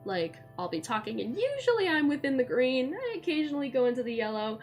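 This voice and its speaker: A woman streaming from home, chatting casually, loud and excitable with casual swearing, sometimes cooing baby talk to her cat. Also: sits high, quick pace, few pauses, soft background music. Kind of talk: casual live-stream chat. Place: at home in a chair by a window.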